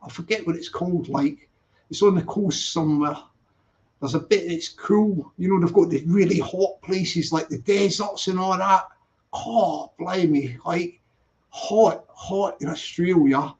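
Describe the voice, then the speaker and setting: A man's voice: high voice, measured pace, a little mellow. A man hosting a casual live stream, rambling and repeating cheerful greetings to viewers. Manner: chatty, rambling, repeats greetings in sing-song. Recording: dull lo-fi stream audio.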